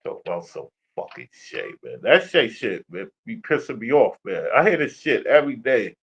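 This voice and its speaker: A man's voice: medium pitch, very animated, moderate pace, gravelly, fairly bright tone, slightly rough. A young man ranting about basketball in a casual stream, profane and trash-talking. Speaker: sports streamer. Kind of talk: casual sports rant. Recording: dull lo-fi stream audio.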